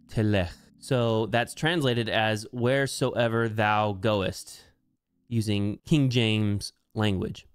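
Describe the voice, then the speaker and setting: A man teaching Bible translation, walking through Hebrew grammar term by term in a deliberate, explanatory way. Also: on the low side, clear, resonant tone. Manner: slow, deliberate, spells out each term.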